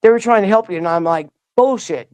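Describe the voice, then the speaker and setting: A woman's voice: mid-range voice, very fast, darkish tone, clean tone, dry recording. Woman guest, plain mid-range voice, close dry sound, rambling storyteller who acts out the quotes. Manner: acts out quoted dialogue with a rising voice; rambling, with frequent restarts. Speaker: interview guest. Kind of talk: conversational storytelling.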